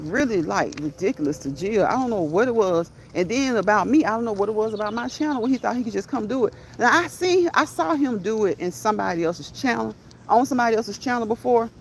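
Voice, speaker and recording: In a slightly high voice over faint background noise, a woman chats quickly and brightly on a casual livestream. She reads viewer messages aloud, responds to them, and laughs frequently.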